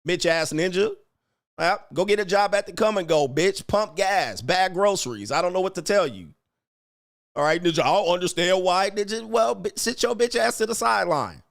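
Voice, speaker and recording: A man's voice: high-pitched, moderate pace, gravelly, dry recording, studio quality. A man hosting a livestream, ranting at commenters in a brash, profane, taunting way and laughing at them. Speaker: livestream host reading chat.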